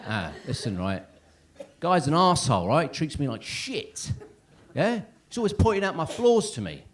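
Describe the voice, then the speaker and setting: A man's voice: a little high, sing-song, unhurried, long pauses, a little hiss or hum. A man in his thirties doing a stand-up comedy set in a comedy club, rambling and self-deprecating, checking in with the crowd constantly. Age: 30s. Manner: rambling, self-deprecating, lots of "right?" and "yeah?".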